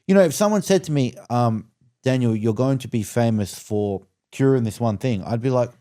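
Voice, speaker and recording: A man's voice: medium pitch, moderate pace, warm tone. A man chatting casually and thoughtfully as a podcast guest, speeding up when he tells a story. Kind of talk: casual conversation.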